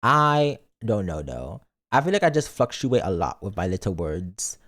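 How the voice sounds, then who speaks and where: A man's voice: on the low side, sing-song, moderate pace, fairly bright tone. A man streaming and chatting casually in a playful, rambling way, reading chat messages aloud. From lives in Britain, not British.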